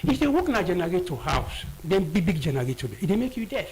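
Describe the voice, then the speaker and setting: A man's voice: high-pitched, very animated, quick pace, darkish tone, rough recording. A man with a Sierra Leonean Krio accent, an audiologist explaining ear health as a guest in a radio studio, often repeating key words.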